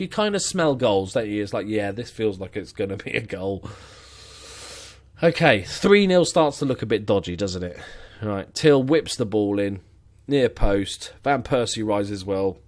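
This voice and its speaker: A gaming commentator with a fairly low, sing-song voice, speaking a little slowly, talks through a football management match. He mutters dry, sarcastic asides and casual remarks while the game plays.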